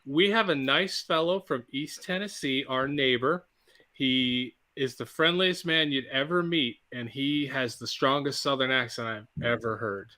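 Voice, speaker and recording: An older man hosting a casual livestream chat over a video call, chatty and quick to laugh. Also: mid-range voice, pushed and bright. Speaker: host.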